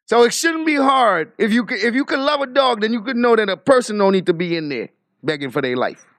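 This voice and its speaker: A man hosting a livestream, giving animated, emphatic casual commentary with frequent restarts. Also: high-pitched, quick pace, no echo, studio quality. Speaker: livestream host. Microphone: headset or desk mic.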